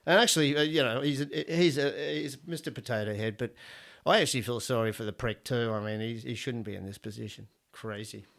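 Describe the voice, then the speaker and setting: A man's voice: medium pitch, brisk, creaky, a bit bright. Crude, rambling Australian man. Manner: crude, swearing, rambling joke-telling. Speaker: podcast host. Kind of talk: casual solo podcast monologue.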